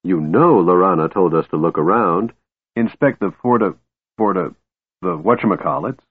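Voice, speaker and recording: A man voicing a shrill, curious and cheeky male kender in a storybook reading, chatty and lofty, on a tinny phone-like recording. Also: expressive, normal speed, slightly rough, dry recording, full character voice. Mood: eager. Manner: chatty, lofty, easily wounded.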